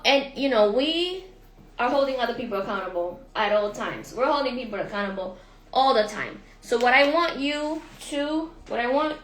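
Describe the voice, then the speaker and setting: A high-voiced woman coaching her viewers in an energetic live talk, firing repeated questions at them. She calls them y'all and keeps the pace lively. Her voice rings around an echoey room. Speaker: life and business coach. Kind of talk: motivational livestream talk.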